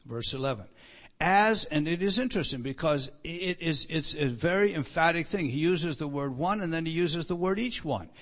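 In his sermon, a middle-aged pastor is emphatic: his voice swells loudly to stress scripture and then falls low and quiet.

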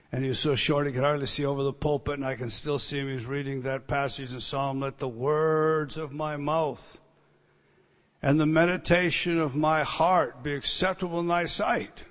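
An older man preaching a sermon, emphatic, often repeating phrases and swinging between hushed and loud delivery. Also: on the high side. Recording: long reverb of a large hall.

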